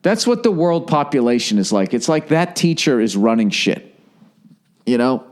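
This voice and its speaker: Sing-song and darkish in tone, this medium-pitched man speaks at a normal speed. He's a podcast host in his forties working solo from home in Los Angeles, cursing, sarcastic, and imitating people in mocking voices.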